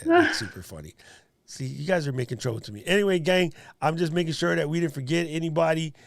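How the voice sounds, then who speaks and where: A man's voice: a little high, big pitch swings, fast talker, gravelly, no echo. A man hosting a livestream in a casual, joking way. He laughs often as he thanks his guest and talks to viewers. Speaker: livestream host.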